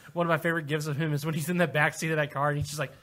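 Young male co-host, high-pitched, loose and joking casual chatter. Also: level tone, fast talker, a bit bright. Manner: joking, rambling asides. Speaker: podcast co-host. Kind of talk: casual chat.

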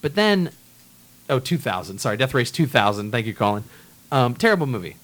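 A man's voice: mid-range voice, very animated, a little fast, a bit bright. Blunt ranting man. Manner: ranting, blunt, swears freely. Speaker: podcast host. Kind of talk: casual movie chat.

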